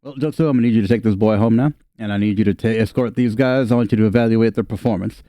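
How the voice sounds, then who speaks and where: A man puts on a gruff military commander who barks out orders and calls everyone son. The voice sits low and the sound is dry and close. He talks in clipped phrases with a fair bit of swearing. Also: very fast, dark tone, no room sound, natural voice. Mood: ordering.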